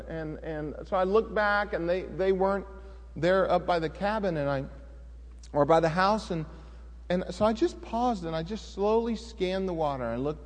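Middle-aged male pastor, high-pitched, folksy storyteller in the pulpit, reverberant church hall. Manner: folksy, conversational storytelling with sudden emphatic rises. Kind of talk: sermon with personal storytelling.

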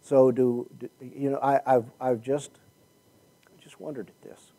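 A man teaching a Bible class in a conversational way, thinking out loud and putting questions to his listeners. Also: mid-range voice, flat delivery, unhurried, low-quality recording.

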